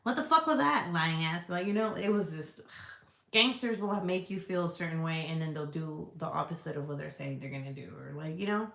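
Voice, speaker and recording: A woman vlogger chatting casually and answering viewer comments, frank and profane and quick to laugh. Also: low-pitched, steady tone, vocal fry, fairly bright tone. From United States. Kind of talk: casual chat. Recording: echoey room.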